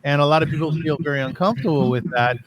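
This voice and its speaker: A man's voice: fairly high pitch, rapid-fire. A man hosting an interview show, talking in a chatty way and laughing easily. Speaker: host. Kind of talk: casual interview talk.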